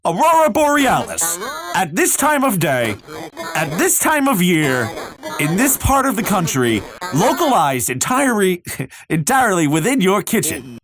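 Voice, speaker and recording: A man's voice: medium pitch, huge pitch swings, measured pace, over music. Flustered cartoon school principal, nervous and overly polite, voice swooping all over, played by a male streamer.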